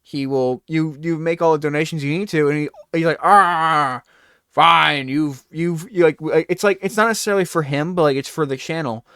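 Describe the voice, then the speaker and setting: A man's voice: fairly high pitch, fast, few pauses, clean tone, no echo, studio quality. A man hosting a talk show, telling a rambling comedic bit and acting out scenes. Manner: animated, rambling, acts out scenes.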